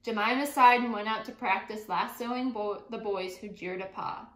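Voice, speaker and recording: A woman teacher reading a picture book aloud to her class, pausing to think out loud about what she imagines. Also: medium pitch. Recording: echoey room.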